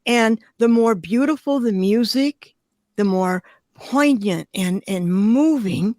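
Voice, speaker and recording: Expressive older woman from Detroit. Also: fairly high pitch, slow pace, no echo. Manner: vivid, emotional, expressive storytelling. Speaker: glass artist guest. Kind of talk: storytelling interview.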